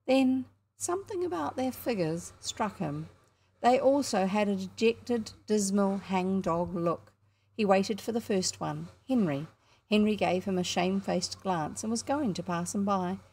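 A woman with a New Zealand accent narrating a children's book in a measured, expressive way. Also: mid-range voice, husky. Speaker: audiobook narrator. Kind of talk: storybook narration.

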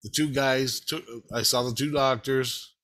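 A man casually telling a rambling, excitable story, swearing freely. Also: mid-range voice, measured pace, rough recording.

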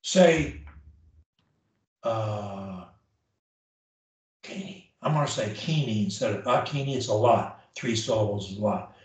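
A man's voice: fairly low pitch, unhurried, a little mellow. A man coaching a client one-on-one through speech drills, emphatic and demonstrating each drill aloud. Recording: very echoey room, mic at a distance.

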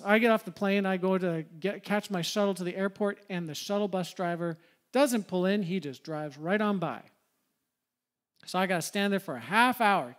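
A man, a pastor preaching a sermon to his congregation in a church, talking in a conversational way and putting questions to the listeners. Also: high-pitched. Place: church sanctuary.

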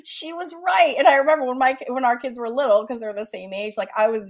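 Woman, forties, from Massachusetts, art teacher hosting a livestream; chatty, laughs a lot, slightly high voice. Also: racing. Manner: chatty, laughs often, reads viewer comments aloud. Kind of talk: casual livestream chat.

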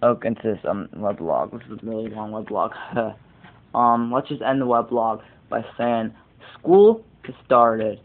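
A teenage boy with a gravelly, creaky voice rambles through a casual video blog, wandering off on tangents and swearing offhand. He is heard through a tinny, lo-fi webcam mic. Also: lowish voice, fairly even intonation, moderate pace. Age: teens. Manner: rambling, digressive, casually profane. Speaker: vlogger.

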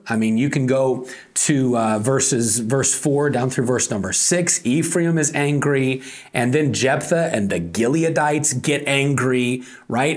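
A male pastor preaching a conversational sermon, acting out quoted lines. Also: mid-range voice.

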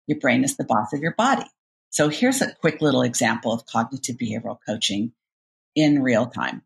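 A middle-aged woman coach explaining ideas in a podcast interview, animated and acting out inner voices as she goes. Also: a bass voice, brisk, gravelly. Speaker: cognitive behavioral coach, guest.

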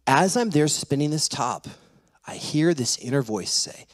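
Animated man preaching through a story. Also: fairly high pitch, unhurried. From California. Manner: animated storyteller acting out voices. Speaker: pastor. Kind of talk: sermon storytelling. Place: church sanctuary.

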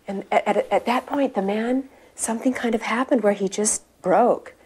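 A woman's voice: fairly high pitch, a little fast, a little mellow, husky. A middle-aged woman telling a personal memory of her spiritual teacher. She speaks with reverence and builds the story with rising intensity. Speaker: devotee recalling a spiritual teacher. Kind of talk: personal reminiscence.

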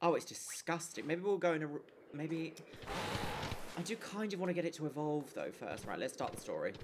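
A woman on a casual live stream, playing a game and chatting with her chat in an animated, giggly way. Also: sits low, fairly quick, very noisy.

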